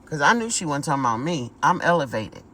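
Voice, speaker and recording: A woman's voice: sits low, big pitch swings, fast, a bit bright, low-quality recording. A woman giving a casual spiritual vlog monologue, talking emphatically, repeating words and calling her viewers y'all. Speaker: spiritual vlogger.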